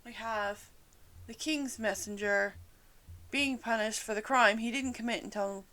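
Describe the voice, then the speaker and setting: A woman reading a classic children's story aloud at a measured pace, with dry asides of her own. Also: fairly high pitch, pushed and bright. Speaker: storybook reader.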